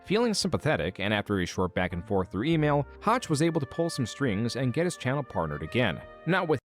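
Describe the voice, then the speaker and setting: A man reading scripted documentary narration in a measured, even way. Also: medium pitch. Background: music underneath.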